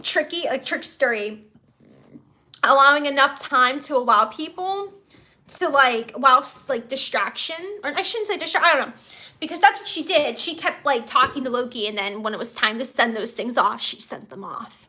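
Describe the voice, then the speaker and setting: A young woman hosting a casual live stream from home, chatty and excitable, full of fillers and restarts. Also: high-pitched, moderate pace. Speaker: YouTube host of a live stream.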